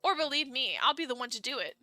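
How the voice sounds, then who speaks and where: A woman's voice: high voice, animated, quick pace, sharp tone, no room sound, soft background music, full character voice. A woman voicing a stern, menacing male company president in a dating game. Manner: stern, threatening.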